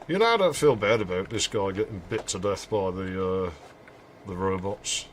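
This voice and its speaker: A man's voice: low-pitched, animated, normal speed, a little hiss or hum. A man giving joking, rambling commentary while playing a game. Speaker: streamer. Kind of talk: casual gameplay commentary.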